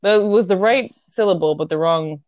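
A woman's voice: lowish voice, moderate pace, darkish tone, no echo, highs cut off. A woman co-hosting a podcast in casual, playful chat, often laughing. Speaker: podcast co-host.

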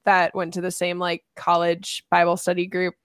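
A woman's voice: fairly low pitch, completely flat delivery, moderate pace, smooth, no room sound, studio quality. A woman co-hosting a casual podcast chat, reading verses aloud and speaking frankly. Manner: reads scripture aloud, candid and swears casually. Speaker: podcast co-host.

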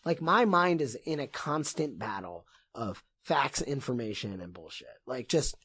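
A man talking as a podcast guest in casual chat, impassioned and excitable, swearing often. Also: medium pitch, moderate pace, slightly rough, no room sound, studio quality.

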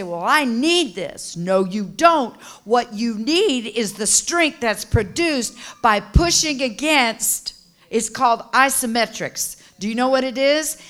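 A woman preacher delivering a sermon, teaching and building to passionate shouting with call-and-response. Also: fairly high pitch.

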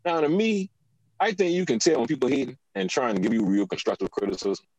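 A man's voice: medium pitch, quick pace, darkish tone, no room sound, low-quality recording. A man co-hosting a casual podcast, opinionated and emphatic as he rants. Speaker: podcast co-host.

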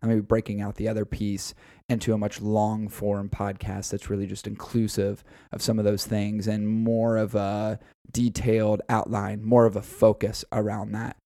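Man, podcast co-host, warm dark tone, talkative, casual chat. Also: fairly low pitch, flat delivery, normal speed, no room sound, studio quality. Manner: talkative, plans the show out loud.

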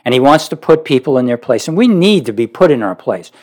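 A man delivering a sermon in a mid-pitched voice. He presses his points with sudden forceful rises, then drops to quiet, low asides. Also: big pitch swings, quick pace. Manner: emphatic, rising to forceful peaks then dropping low. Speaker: preacher.

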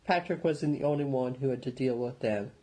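A man narrating an audiobook in a steady, measured storytelling manner. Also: medium pitch, husky, rough recording.

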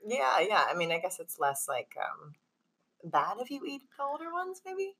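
A woman's voice: medium pitch, wildly swooping pitch, moderate pace, fairly bright tone, slightly rough. A woman co-hosting a casual podcast chat, teasing and playful in her reactions.

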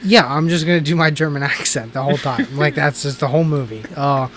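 A man's voice: a little high, fairly even intonation, fairly quick, a crowd in the background. A man co-hosting a casual movie podcast, rambling and restarting his sentences and laughing often. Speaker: podcast co-host. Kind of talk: casual movie review chat.

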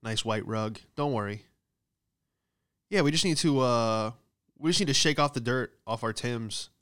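A man voicing a loud male maintenance worker who barks his arrival like a police raid. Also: medium pitch, a little slow, clear, resonant tone, dry recording, lightly acted. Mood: offhand. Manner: yelling, barking.

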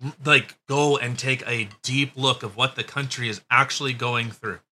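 A man's voice: medium pitch, fairly even intonation, moderate pace, pushed and bright. A man hosting a podcast, talking in a blunt, sarcastic, profane way in casual chat. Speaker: podcast host.

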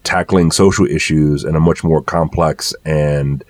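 A man's voice: a bass voice, steady tone, measured pace, darkish tone, no echo, clean studio sound. A man in a casual podcast discussion, explaining social theory at length with plenty of fillers and restarts. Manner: thoughtful, explanatory, with many fillers.

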